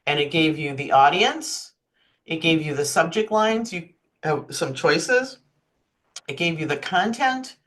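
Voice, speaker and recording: A woman's voice: deep voice, animated, a little slow. A woman giving an online marketing workshop on a video call, chatty and often checking in with her listeners. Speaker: marketing presenter.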